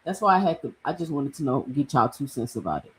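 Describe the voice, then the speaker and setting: A woman running a live boxing reaction stream addresses her chat with incredulity and frequent laughter. She has a deep, animated voice and talks fast.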